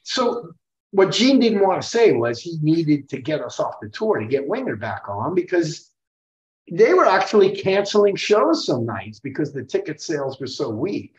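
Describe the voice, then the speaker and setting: A man's voice: a little high, normal speed. A man telling tour stories as a podcast guest, acting out quotes as he goes. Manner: animated, acts out quotes. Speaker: podcast guest, rock singer. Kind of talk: storytelling interview. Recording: roomy, dull lo-fi audio.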